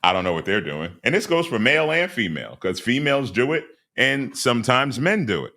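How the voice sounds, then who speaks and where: A man's voice: medium pitch, very animated, brisk, vocal fry, pushed and bright. A middle-aged man hosting a casual commentary podcast, speaking emphatically in a preachy way and acting out other people in a raised voice. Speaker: podcast host.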